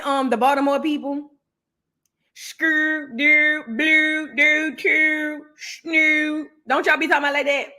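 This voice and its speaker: A woman's voice: high voice, sharp tone. A woman hosting a casual gossip show, chatty and teasing as she rambles on. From Southern United States. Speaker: host.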